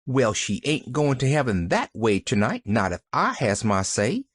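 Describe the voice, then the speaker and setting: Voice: mid-range voice, big pitch swings, moderate pace, breathy edge, dry recording. A reader voicing a kindly, flustered young servant woman with folksy rural dialect and sudden exclamations. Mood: fretful.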